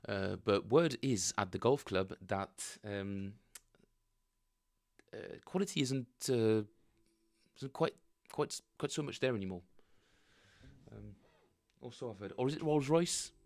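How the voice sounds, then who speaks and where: A man's voice: mid-range voice, animated, a little slow, gravelly, pauses often, a little mellow. A man casually chatting with viewers on a live stream, rambling and joking as he reads chat aloud. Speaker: bass player streaming practice.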